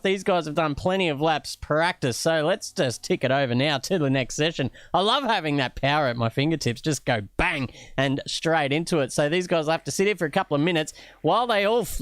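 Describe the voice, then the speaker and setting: Australian man, race-stream host, jokey, smooth crisp voice, dry sound. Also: on the high side, a bit bright, no room sound. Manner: cheeky, roasting introductions. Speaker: sim racing commentator and host. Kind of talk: live esports commentary.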